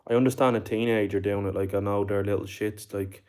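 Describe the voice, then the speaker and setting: Low, mellow-voiced Irish man ranting. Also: fairly even intonation, fairly quick. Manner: swears constantly, tags lines with bro and like. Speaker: livestreamer. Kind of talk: casual chat with viewers.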